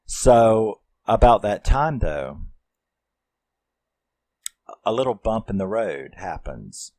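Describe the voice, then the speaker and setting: A man's voice: low-pitched, darkish tone, rough recording. A man reviewing a film, recapping the plot in a rambling, casual way with lots of fillers and some swearing.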